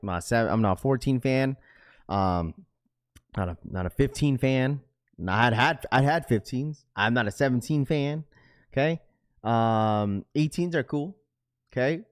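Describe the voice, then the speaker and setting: A man's voice: medium pitch, smooth. Young male streamer, loose and rambling, talking straight to his chat. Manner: rambling, talks to chat, reads comments aloud. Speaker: livestream host. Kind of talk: casual livestream chat with viewers.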